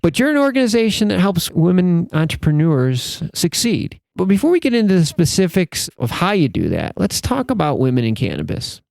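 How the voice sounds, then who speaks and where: A man's voice: high voice, wildly swooping pitch, a little fast, vocal fry, few pauses, darkish tone, no room sound. A man hosting an interview podcast, reading sponsor copy and introducing his guest in an upbeat way. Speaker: podcast host.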